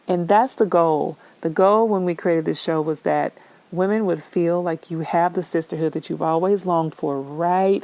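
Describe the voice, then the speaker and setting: A woman with a lower, mellow voice opening a podcast episode. She speaks straight to her listeners in a warm, persuasive way. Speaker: podcast host. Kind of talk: podcast introduction.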